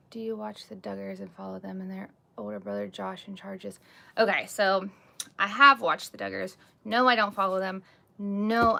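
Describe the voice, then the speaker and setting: Woman streamer, frank conversational chat to camera, slight vocal fry. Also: mid-range voice, pushed and bright. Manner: candid, talks with many "like" and "um" fillers. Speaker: live stream host. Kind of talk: casual live chat answering comments. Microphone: phone or webcam, live stream.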